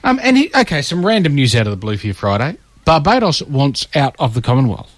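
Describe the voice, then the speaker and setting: A man's voice: mid-range voice, big pitch swings, brisk, no room sound. A man co-hosting breakfast radio, reading news items and trading jokes in casual banter. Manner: chatty, jokey, reads news items. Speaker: radio co-host. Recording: radio studio with music bed.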